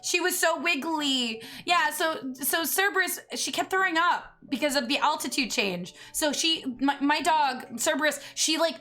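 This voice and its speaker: A woman streamer telling a story in casual chat, animated, laughing and swearing often. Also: high-pitched, moderate pace, few pauses, soft background music.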